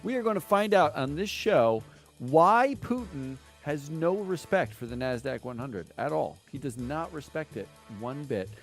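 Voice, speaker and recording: A man hosting a comedy business news show, delivering headlines in a snarky, deadpan mock-anchor style. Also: unhurried, soft background music. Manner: snarky, deadpan with lively pitch swings.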